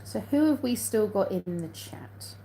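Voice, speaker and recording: A woman's voice: mid-range voice, lively intonation, measured pace, gravelly, mellow, slight background noise, low-quality recording. An English woman hosting a casual live stream on her phone, reading out viewer comments, answering them and laughing often. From England.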